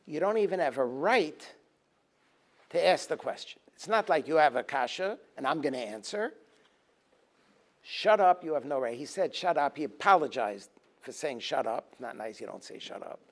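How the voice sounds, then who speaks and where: Rabbi, teaching talk; somewhat high voice, acts out the dialogue, swings from loud to hushed. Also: male voice, moderate pace. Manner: storytelling, acting out dialogue in a lively voice; rising to forceful emphasis, then dropping low. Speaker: rabbi and lecturer. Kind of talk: Tisha B'Av teaching talk.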